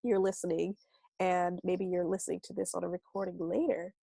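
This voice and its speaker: A woman coaching a self-love class in a casual, animated way. She swears lightly and acts out quoted voices. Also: lowish voice, fairly quick, creaky, breathy edge, no room sound. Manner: casual speech with mild swearing. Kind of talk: casual conversational teaching.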